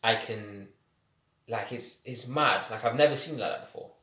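A man telling stories in a casual podcast chat, animated and quick to laugh. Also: mid-range voice. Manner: animated, laughs often, slangy storytelling. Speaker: podcast guest. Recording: echoey room.

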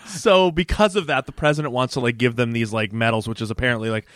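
A podcast co-host casually recaps a TV episode, acting out the characters' lines in their voices as he retells it. He talks fast in a medium-pitched voice, with a clean studio sound and no room noise.

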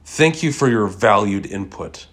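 A man's voice: fairly low pitch, expressive, a little slow, a bit bright. A man voicing a Dutch male café customer who is indignant and sardonic. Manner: sardonic, questioning.

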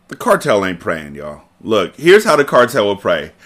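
A man's voice: on the low side, wildly swooping pitch, moderate pace, hardly any pauses, a bit bright. Irreverent male podcast reader. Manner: joking, irreverent asides. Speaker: podcast host reading a novel. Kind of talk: comic book-club reading with asides.

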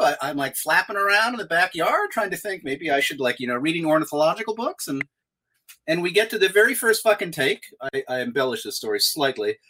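A man telling a casual anecdote about an audition, animated and swearing freely, with squawks and impressions. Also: fairly high pitch, fairly quick. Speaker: actor guest on a panel.

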